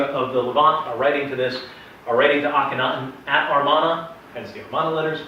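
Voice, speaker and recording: A man's voice: medium pitch, fast, pushed and bright, slight background noise. Man lecturing in an echoey classroom. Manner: chatty, digressive, joking asides. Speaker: Bible teacher. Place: classroom with a live audience. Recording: echoey room, distant, dull sound.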